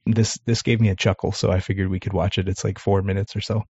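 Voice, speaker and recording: Low, flat-voiced husky man. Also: quick pace, no room sound. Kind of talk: casual chat. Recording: muffled, lo-fi audio.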